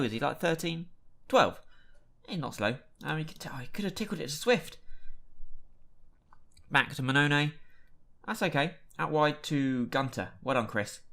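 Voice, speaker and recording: Man, casual game commentary, medium pitch, chatty, reacts with exasperated outbursts. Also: sharp tone. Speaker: gaming YouTuber. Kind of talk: casual Let's Play commentary.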